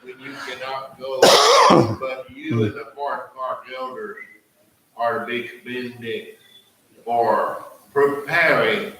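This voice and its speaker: A man from the class making slow, measured, formal remarks. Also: medium pitch, sing-song, pushed and bright, slight background noise. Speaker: church class member. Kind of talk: remarks from the floor in a church class. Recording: echoey room with people around.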